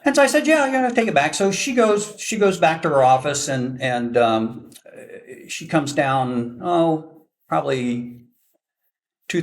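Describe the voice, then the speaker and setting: An older man, a veteran forward air controller, telling a self-deprecating story to an audience and acting out the dialogue. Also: medium pitch. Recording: voice from a distance.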